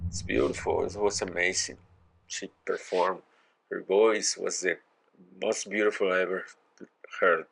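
Low, gravelly-voiced man gushing slowly. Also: steady tone, heavy background noise. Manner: effusive and moved, searching for words. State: teary. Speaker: reaction video host. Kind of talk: casual reaction commentary.

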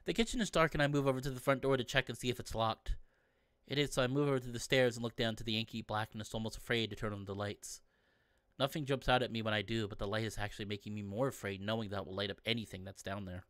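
A man's voice: on the low side, fairly even intonation, quick pace, a bit bright, no room sound. A man reading a visual novel aloud in first person as a let's play narrator, playful and given to joking asides. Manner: playful, breaks off to joke with viewers.

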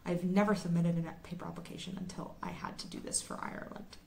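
A woman's voice: lowish voice, fairly even intonation, quick pace, vocal fry, background noise. A woman in her twenties from the United States, a medical student vlogger giving a chatty, casual explanation to camera.

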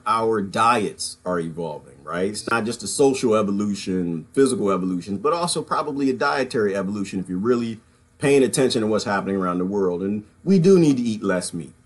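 A man giving casual livestream commentary, rambling and conversational, calling his viewers y'all and chuckling between points. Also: on the low side. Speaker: political commentary vlogger.

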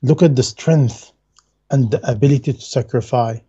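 A man's voice: mid-range voice, normal speed, dark tone, breathy edge, muffled recording. A man giving a religious lecture in non-native English, earnest and emphatic, repeating his key phrases. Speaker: Islamic lecturer.

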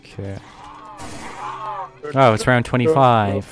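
A young man making dry, deadpan jokes while gaming with friends. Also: medium pitch, slow, music in the background. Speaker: co-player. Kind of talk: casual chat while gaming.

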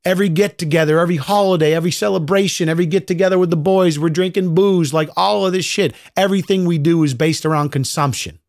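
Podcast host, man, 30s, casual profane monologue, slightly high pitch, dry room. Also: fast, few pauses, dry recording. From United States. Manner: blunt, profane, conversational.

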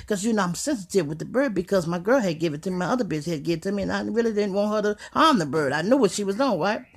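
Woman comic storyteller with a Chicago accent, raspy gravel, swings all over, profane street tale. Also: mid-range voice, very fast, few pauses. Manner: animated, swearing, asks "you hear me". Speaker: comedic storyteller.

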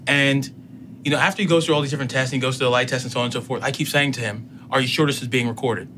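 A man telling a personal story in casual talk, acting out both sides of the dialogue with lively emotion. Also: medium pitch, very fast, slight background noise. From United States. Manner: animated retelling, acts out both sides of dialogue. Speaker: podcast guest.

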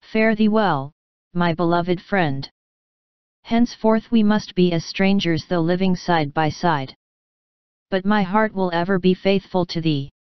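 A woman's voice: fairly low pitch, a little slow, smooth, no room sound, muffled recording, natural voice. A woman reading the part of a dreamy, dramatic orphan girl in an audiobook, with romantic, old-fashioned phrasing. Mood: tearful.

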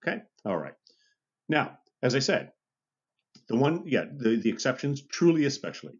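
A man's voice: mid-range voice, big pitch swings, moderate pace, breathy edge, muffled recording. A man teaching a university lecture, chatty and checking in with "okay?" and "right?", often restarting and correcting himself. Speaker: university instructor. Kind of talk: recorded online lecture.

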